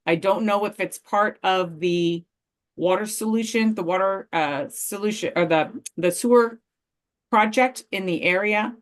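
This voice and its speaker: A woman's voice: medium pitch, a little slow. A woman speaking as a resident during public comment at a city meeting, earnestly airing a frustrated complaint.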